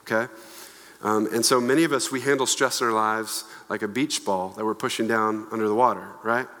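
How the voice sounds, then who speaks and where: A man preaching a conversational, lively sermon with a bright, forward tone. His voice carries a long echo from the church hall around him, and he keeps slipping in playful asides. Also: lowish voice, brisk. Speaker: pastor.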